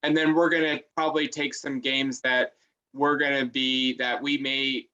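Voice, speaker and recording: A man hosting a referee meeting, offering earnest advice with some halting restarts. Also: mid-range voice, level tone, pushed and bright, muffled recording. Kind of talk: meeting remarks.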